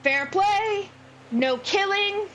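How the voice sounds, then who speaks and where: Brief: woman playing short young male gnome ringmaster, booming and jaunty, pitched high. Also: animated, extremely slow, muffled recording, a little hiss or hum, exaggerated voice. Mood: jolly. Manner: loud, jaunty announcer patter.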